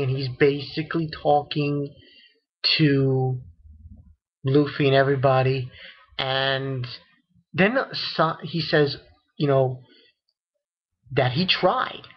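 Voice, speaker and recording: A man's voice: mid-range voice, fairly even intonation, slow, pauses often. A man giving a casual, rambling episode recap, full of fillers and repeats, who sometimes acts out characters' lines. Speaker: anime reviewer. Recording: dull lo-fi home recording.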